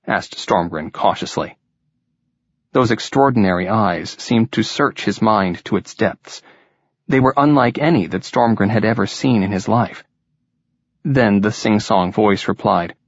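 A man narrating an audiobook in a steady, even storytelling manner. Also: lowish voice, unhurried, husky, dry recording. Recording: dull lo-fi recording.

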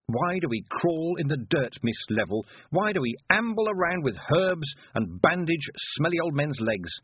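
Man doing a defiant young witch girl, raised husky voice, storybook, dry phone-like sound. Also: a little high, no echo, voice pushed up. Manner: indignant, demanding, snarling.

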